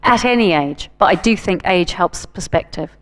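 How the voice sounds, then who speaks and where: A woman's voice: on the low side, animated, moderate pace. A woman writer speaking on a conference panel, blunt and forthright.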